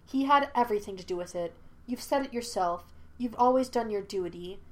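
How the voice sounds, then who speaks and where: A woman's voice: medium pitch, a little mellow, close to an everyday voice. Woman voicing a stern old male spirit. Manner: cool, lecturing, measured.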